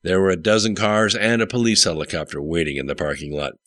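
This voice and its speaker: A man narrates an audiobook with a very deep, low voice that still sounds bright and forceful. His delivery is steady and matter-of-fact. The recording is dry and close. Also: fast, dry recording. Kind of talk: scripted narration.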